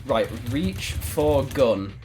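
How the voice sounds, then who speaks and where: A man streaming a text adventure game, reading it aloud and reacting with sudden loud outbursts. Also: mid-range voice, sing-song, extremely slow. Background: faint background music.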